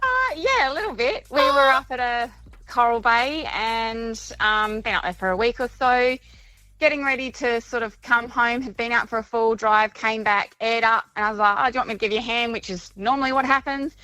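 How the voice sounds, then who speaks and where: A woman calling in to a radio show and telling a chatty story with laughs and quick asides. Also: fairly high pitch, sharp tone, no echo, faint music behind, low-quality recording. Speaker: caller. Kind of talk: casual phone-in story.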